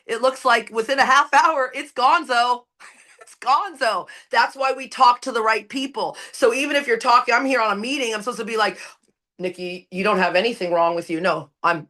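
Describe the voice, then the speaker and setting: A Canadian woman with a bright, forceful, fairly high voice speaks at an online recovery meeting. Her share is impassioned and preachy, punctuated by blunt, profane emphasis.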